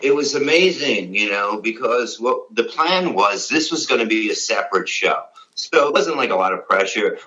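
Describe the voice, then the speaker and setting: A middle-aged man tells long stories in an interview. His voice is very low but bright and forceful. He is blunt, swears freely, and rambles with many "you know"s. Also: lo-fi sound. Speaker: comedian guest. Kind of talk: casual interview storytelling.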